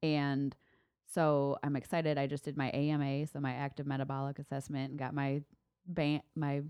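A woman's voice: very deep voice, normal speed, clear, resonant tone, no echo, clean studio sound. A woman in her thirties co-hosting a podcast, rambling and correcting herself in casual chat. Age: 30s. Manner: rambling, self-correcting, animated. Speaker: podcast co-host. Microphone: studio mic.

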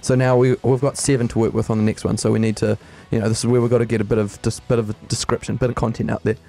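A man's voice: medium pitch, flat delivery, rapid-fire, gravelly, dark tone. A man co-hosting a podcast in a studio, wisecracking and swearing casually. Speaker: podcast co-host. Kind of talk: casual chat.

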